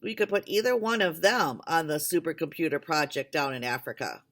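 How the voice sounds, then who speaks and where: A woman's voice: low voice, brisk. A woman doing a folksy old Texan billionaire. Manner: drawling, folksy talk.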